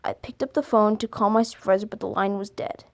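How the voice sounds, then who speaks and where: A woman reading scary stories aloud for a video, halting now and then to stumble over and correct her words. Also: mid-range voice, steady tone, creaky. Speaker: video creator.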